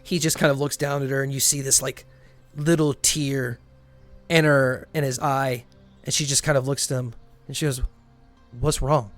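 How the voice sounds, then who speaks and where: A man's voice: mid-range voice, little pitch movement, normal speed, soft background music. A man narrating a fantasy tabletop game as game master, describing scenes vividly and in gory detail.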